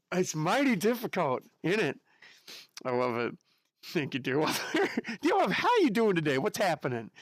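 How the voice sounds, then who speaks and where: A man's voice: on the high side, a bit bright, dry recording. A man from the United States chatting casually with his live-stream audience in a chatty, giggly way, with an unusual voice. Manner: chatty, giggly, reacts to chat.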